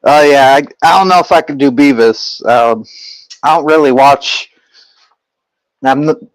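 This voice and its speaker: A man's voice: mid-range voice, a little slow, no echo, poor audio. A young man streaming and chatting casually with his viewers, rambling with lots of fillers and restarts.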